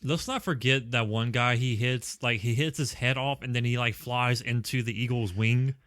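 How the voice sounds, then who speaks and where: A man's voice: medium pitch, steady tone, moderate pace, a bit bright, no room sound, studio quality. A man co-hosting a podcast, walking through a film's plot in casual chat, swearing casually and quoting characters. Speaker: podcast co-host. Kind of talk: casual movie recap chat.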